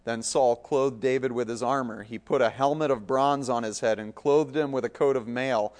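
A man reading a scripture passage aloud in a measured way, adding casual asides of commentary. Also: medium pitch, steady tone, darkish tone. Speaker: Bible teacher.

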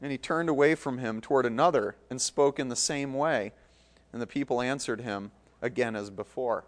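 A man reading a scripture passage aloud in a measured way, adding casual asides of commentary. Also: medium pitch. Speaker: Bible teacher.

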